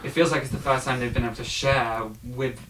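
A man talking casually and thoughtfully about a film, with frequent pauses and fillers. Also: mid-range voice, level tone, noisy background. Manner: thoughtful, hesitant, many fillers.

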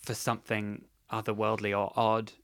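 A man talking casually and thoughtfully about a film, with frequent pauses and fillers. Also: on the low side, monotone, fairly bright tone, poor audio. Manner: thoughtful, hesitant, many fillers.

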